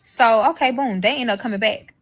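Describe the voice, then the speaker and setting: A woman's voice: fairly high pitch, brisk. A young woman telling a profane story in a casual story-time video, and acting out what the other people said. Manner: animated, profane, acts out the other people's lines. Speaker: storyteller in a played clip.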